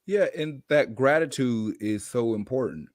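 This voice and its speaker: A man on a podcast as a guest coach, telling a story in an animated, informal way. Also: mid-range voice, measured pace, dry recording, clean studio sound. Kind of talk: casual storytelling.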